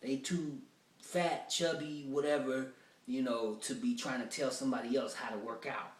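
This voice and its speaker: Casting: male comic, mid-pitched, rough-draft stand-up, heard off-mic in an echoey room. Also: steady tone, normal speed, far from the mic. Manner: loose, rambling, acts out quoted voices. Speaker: stand-up comedian.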